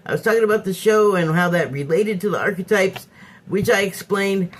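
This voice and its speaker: A woman telling a personal story to camera in a casual monologue, animated and candid, swearing freely and acting out both sides of an argument. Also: medium pitch, fairly quick. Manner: acts out both sides of a quarrel in quoted voices. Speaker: vlogger.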